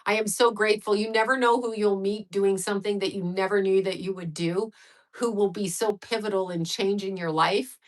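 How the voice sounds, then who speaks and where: A woman in her sixties hosts a casual livestream, rambling candidly, swearing frankly, and answering viewers' messages as she goes. Her voice is medium-pitched and steady at normal speed, captured in a low-quality recording.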